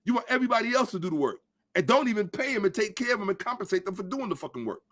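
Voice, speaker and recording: Guy with a pretty high voice going off on a rant, blunt and cussing, lecturing his listeners hard. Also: big pitch swings, rapid-fire, fairly bright tone. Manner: emphatic, blunt and profane, lecturing the audience. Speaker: podcast host. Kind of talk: ranting social commentary monologue.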